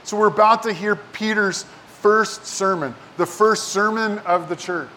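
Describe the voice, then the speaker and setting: A man's voice: high-pitched, a little slow, pushed and bright, slight background noise. A man preaching a sermon in a casual, conversational way, often asking the listeners "right?". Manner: casual, talks with many rhetorical "right?" and "like" asides. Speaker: pastor.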